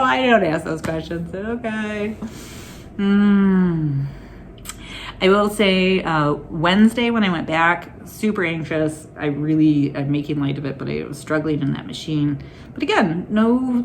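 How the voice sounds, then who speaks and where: A woman's voice: mid-range voice, a little slow, slight background noise. A woman vlogging to her phone camera in a candid, rambling way, laughing through anxious stories. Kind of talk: casual personal vlog.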